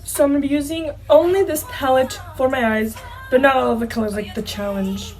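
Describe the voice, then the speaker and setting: A woman's voice: high voice, brisk, a little mellow, low-quality recording. A young woman chatting casually through a makeup tutorial, a bit self-conscious and giggly. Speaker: beauty vlogger. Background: faint background music.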